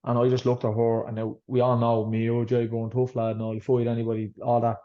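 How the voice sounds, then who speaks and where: A man's voice: mid-range voice, completely flat delivery, a little fast. An Irish boxer telling his story in an interview, blunt and swearing freely, rambling as he goes. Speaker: boxer, guest. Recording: slightly dull lo-fi sound.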